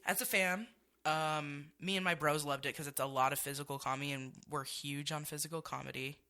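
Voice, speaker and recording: A woman podcast co-host with a fairly low voice that still rings bright and forceful. She chats casually and bluntly, swearing and laughing freely. Her reactions land with an expressive edge. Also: a little fast. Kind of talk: casual chat.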